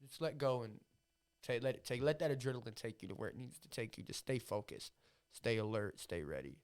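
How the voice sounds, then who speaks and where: Brief: male fighter guest, mid-pitched, talks with swearing and raw emotion in a relaxed podcast chat. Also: a little fast. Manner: emotional, heavily profane storytelling.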